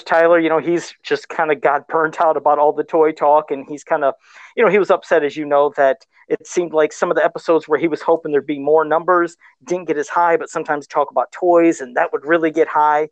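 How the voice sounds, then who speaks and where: A man's voice: fairly high pitch, dry recording, muffled recording. A man co-hosting a casual live stream about toys, talking in a rambling, chatty way full of fillers. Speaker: co-host of a toy-collecting live show.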